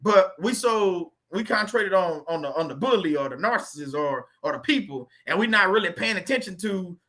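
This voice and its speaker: A lively, high-voiced man hosts a YouTube faith channel, preaching informally in a conversational style, repeating phrases and slowing down to read scripture.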